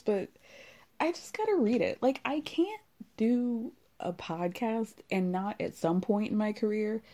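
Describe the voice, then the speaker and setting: Sarcastic woman gossiping, lively pitch. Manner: sarcastic, rambling, giggly. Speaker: podcast host. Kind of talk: casual gossip chat.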